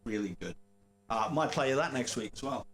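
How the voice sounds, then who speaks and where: A man hosting a casual live-stream chat, relaxed and rambling with fillers and chuckles. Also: mid-range voice, a little fast. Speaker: host.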